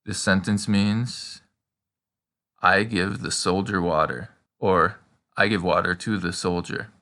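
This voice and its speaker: Male teacher for a scripted lesson, bright and forceful tone, slows down for the examples. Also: low voice, fairly even intonation. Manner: prompting the listener with questions and pauses. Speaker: language teacher.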